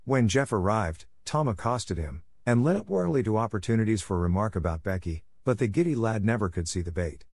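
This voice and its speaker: A man with a fairly low voice reads a story aloud in a measured, expressive way. His voice sounds close and dry, with no room behind it. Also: no room sound. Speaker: narrator. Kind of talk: audiobook reading.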